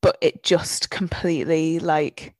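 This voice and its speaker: Low-voiced woman chatting about a book. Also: steady tone, slow, dry recording. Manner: searching for words, many restarts, swears freely. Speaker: podcast co-host. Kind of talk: casual book discussion.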